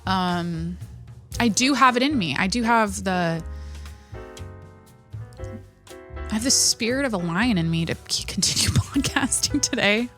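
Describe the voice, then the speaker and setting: A young adult woman hosting a solo podcast, ranting in an animated, profane way that keeps cutting itself off. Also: mid-range voice, slow pace, pauses often, faint music behind. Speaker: podcast host.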